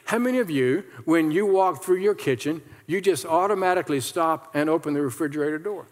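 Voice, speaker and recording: A man's voice: fairly high pitch, fairly quick. A pastor preaching a conversational sermon who acts out the complainers he quotes. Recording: long hall reverb.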